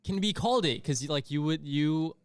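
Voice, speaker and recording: A man's voice: fairly high pitch, fairly quick, clean tone, no echo. A young man co-hosting a podcast, giving short, hesitant replies in casual chat. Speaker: podcast co-host.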